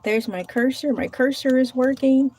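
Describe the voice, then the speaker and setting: Soft music plays behind a woman whose high, warm voice moves at a moderate pace while she streams live from home. She chats, thanks viewers, and talks to herself as she types and looks around her table.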